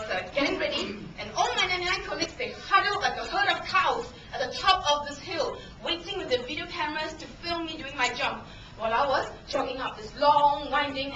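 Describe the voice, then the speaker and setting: Animated high-voiced woman giving a speech, shrieks and laughs through the story, echoey room, camera far off. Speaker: contest speaker. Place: meeting hall. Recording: echoey hall, distant camera, noisy.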